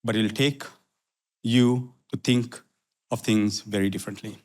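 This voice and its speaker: A middle-aged man from Sri Lanka preaching a sermon as pastor, repeating phrases and swinging from low asides to fiery questions. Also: fairly even intonation, measured pace, a little mellow.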